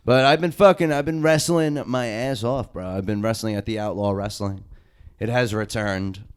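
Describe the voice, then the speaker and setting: Young male podcast host, resonant low voice, rambling hyped slang-heavy stories. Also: moderate pace, clean tone. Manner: loose, excited storytelling full of slang and swearing. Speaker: podcast co-host and indie wrestler. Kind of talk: casual profane chat.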